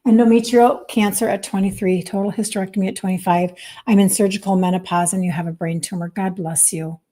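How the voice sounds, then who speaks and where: A woman's voice: medium pitch, steady tone, a little fast, mellow. A woman in her fifties from Minnesota, a health coach chatting casually on a livestream, reading viewer comments aloud in an earnest, apologetic way. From Minnesota, USA. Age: 50s. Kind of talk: casual live-stream chat.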